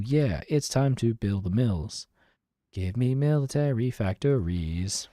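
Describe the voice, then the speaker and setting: A man's voice: mid-range voice, animated, slow pace, mellow, no room sound. Young man, casual game streamer, self-deprecating chatter, dry booth-like sound. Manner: self-mocking, chatty, reads and answers chat. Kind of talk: casual live-stream gameplay chat.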